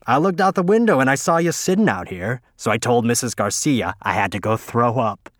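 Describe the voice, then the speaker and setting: A man's voice: medium pitch, animated, fairly quick, no room sound, clean studio sound, natural voice. A man voicing a joking, goofy teenage boy with a playful, teasing manner.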